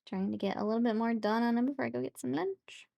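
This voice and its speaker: A woman's voice: on the high side, fast, creaky, mellow, dry recording, studio quality. A woman streaming while she paints miniatures, chatting playfully with viewers and laughing often. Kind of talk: casual chat with live chat while painting.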